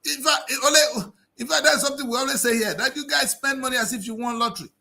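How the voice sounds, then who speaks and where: A man's voice: very high voice, fast talker, creaky, pushed and bright. A man giving impassioned political commentary on a TV review show, scolding and firing off rhetorical questions.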